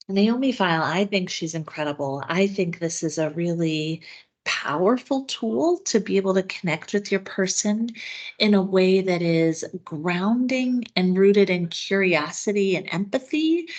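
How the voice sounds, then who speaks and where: A woman teaching on a video call, her pitch sitting in a middle range. She explains caregiving steps in an earnest, conversational way, with plenty of ums along the way. She speaks as the host of an online education session. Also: lively intonation, measured pace. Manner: warm, earnest explaining with frequent filler words. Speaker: webinar host and dementia care educator. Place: home or office on a video call.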